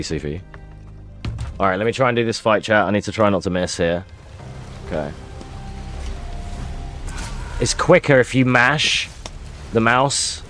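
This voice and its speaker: Low-voiced man streaming a game. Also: fairly bright tone. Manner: joking and laughing with chat. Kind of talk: live gameplay commentary.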